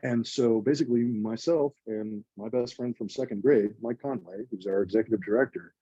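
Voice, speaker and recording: A man's voice: on the low side, fairly quick, warm tone, slightly rough, dry recording, dull audio. A man in his forties, a nonprofit co-founder, telling his story in an earnest, emotional, chatty way. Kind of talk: reflective conversational storytelling.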